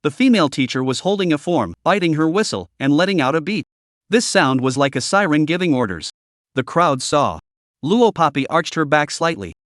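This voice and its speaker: A man narrating a story recap in a steady reading voice with stiff, literal phrasing. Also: a little high, moderate pace, dry recording, clean studio sound.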